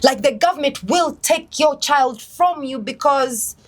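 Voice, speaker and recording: Emphatic woman, high lively voice. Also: a little slow. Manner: animated, emphatic, mixing languages. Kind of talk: casual interview chat.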